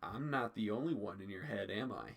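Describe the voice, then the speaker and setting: A man's voice: lowish voice, expressive, a little fast, creaky, voice pushed down. A man voicing a captured male doppelganger who taunts his captors with sly, suggestive remarks.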